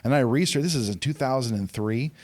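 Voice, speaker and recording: A man in his forties, a former pro wrestler, speaks as a podcast guest in easy, conversational chat, telling candid, self-deprecating stories full of restarts and asides. His mid-range voice is fast and a little mellow.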